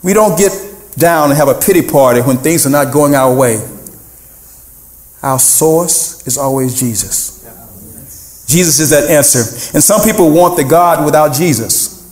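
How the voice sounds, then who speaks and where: Animated preaching pastor, higher-pitched man. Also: unhurried. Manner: animated preaching with call-and-response and sung phrases. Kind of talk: sermon. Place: church sanctuary. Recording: echoey church room.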